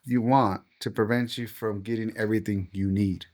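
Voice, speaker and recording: A man's voice: lowish voice, fairly even intonation, moderate pace, darkish tone. Earnest preacherly man. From United States. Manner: earnest, preacherly, acts out quoted voices. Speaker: pastor and guest. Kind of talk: casual podcast conversation.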